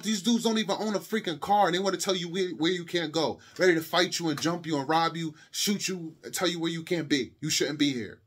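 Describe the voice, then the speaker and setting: A man's voice: a little high, husky. A young adult man giving a heated monologue to camera, impassioned and repetitive, lecturing his viewers. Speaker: video commentator.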